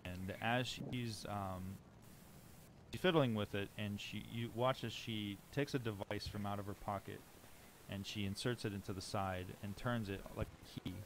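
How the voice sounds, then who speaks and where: A male game master walks the players through the scene in measured, descriptive narration. His voice sits on the lower side, with faint hiss under the recording. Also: fairly even intonation, low-quality recording.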